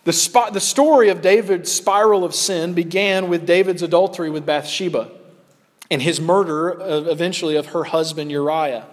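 A man delivers a sermon as pastor, earnest and deliberate, stretching out his key phrases for weight. His voice sits somewhat high for a man. The sound rings with the long reverb of a large hall, as in a church sanctuary.

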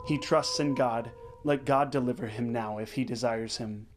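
A man leading the rosary, reading scripture and prayers in a measured, solemn way, phrase by phrase. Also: mid-range voice, fairly even intonation. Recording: voice over clear background music. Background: sacred choral music.

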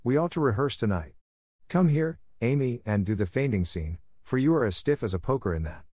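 A man voicing a spirited, theatrical teenage girl in a dramatic, lively way. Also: mid-range voice, fairly quick, slightly rough, dry recording, studio quality, pitched above the performer's own voice. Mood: eager. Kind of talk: audiobook character voice.

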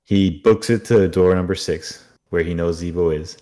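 A man co-hosting a podcast, recapping an episode in casual, animated chat. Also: deep voice, moderate pace. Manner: animated storytelling, puts on silly voices. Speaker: podcast co-host.

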